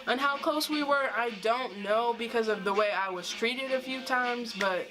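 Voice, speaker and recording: A woman's voice: a little high, normal speed, over music, rough recording. A young woman telling a personal story to camera in a casual vlog, rambling with lots of "like" and restarts. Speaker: vlogger.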